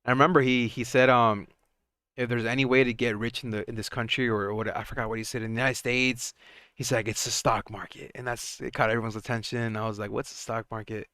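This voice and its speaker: A young man hosting a casual live stock market stream, chatty and excitable, often laughing and restarting his sentences. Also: mid-range voice, fast talker, clear, resonant tone, dry recording, studio quality. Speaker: stock market livestream host.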